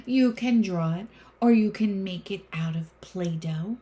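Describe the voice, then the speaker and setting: A woman teacher reading a picture book aloud to young children, expressive with gasps and exclamations. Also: medium pitch, unhurried.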